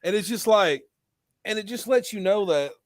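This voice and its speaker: A man co-hosting a casual podcast who talks loudly and swears constantly as he tells stories. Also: sits high, moderate pace, no echo. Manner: loud, profane, animated storytelling. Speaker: podcast co-host. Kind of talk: casual chat.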